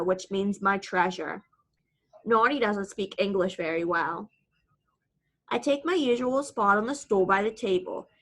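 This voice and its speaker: A woman narrating a first-person audiobook in a plain, matter-of-fact way. Her voice sits at an ordinary middle pitch for a woman, and she tells the story at a steady pace.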